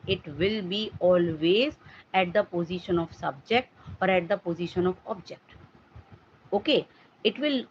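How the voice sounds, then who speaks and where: A woman's voice: medium pitch, muffled recording, slight background noise. A woman teaching English grammar in a live class, explaining patiently and often asking whether her students have understood. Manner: explanatory, checks understanding with "Got the point?".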